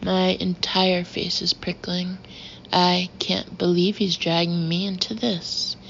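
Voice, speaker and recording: Lady narrating a story, low voice, kinda muffled lo-fi sound. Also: little pitch movement, takes it slowly, creaky, a bit bright. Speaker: audiobook narrator. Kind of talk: first-person audiobook narration. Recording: dull lo-fi audio with faint hiss.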